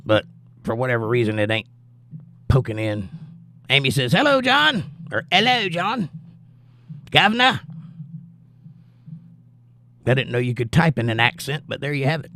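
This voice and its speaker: A man's voice: medium pitch, lively intonation, brisk, no room sound. A man hosting a casual livestream, reading viewers' comments aloud and chatting back to them. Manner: chatty, reads comments and answers them warmly. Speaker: livestream host.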